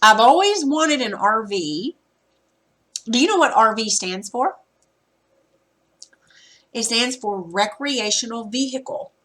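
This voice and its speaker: A woman teacher recording a reading lesson, explaining vocabulary words patiently and clearing her throat now and then. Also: fairly high pitch, expressive, pushed and bright. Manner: patient, explanatory, spells out word meanings slowly.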